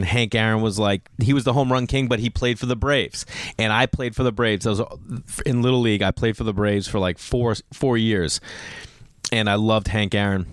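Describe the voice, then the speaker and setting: A man, a podcast host, telling rambling, self-deprecating stories in casual chat, often clearing his throat and rising in pitch as he gets excited. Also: no echo, studio quality.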